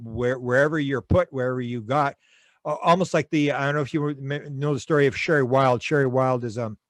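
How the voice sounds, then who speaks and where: A man with a medium-pitched voice is the guest in a conversational interview, recorded dry. He tells stories in a rambling way, restarting often.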